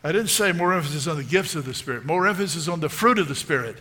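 A middle-aged man delivering a sermon as pastor. His voice rides a touch high and rings bright and forceful. He drives his points home by repeating phrases again and again. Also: lively intonation, fast talker. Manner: emphatic preaching, repeating phrases for emphasis.

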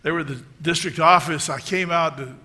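Forceful, bright-voiced preaching pastor. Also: male voice, on the high side, brisk. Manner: emphatic preaching, repeating phrases for emphasis. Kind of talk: sermon.

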